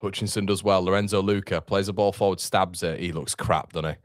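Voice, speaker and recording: Low-voiced excitable football fan host. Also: male voice, fairly quick, no echo, studio quality. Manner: excitable, swears, chats to viewers. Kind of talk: live match reaction.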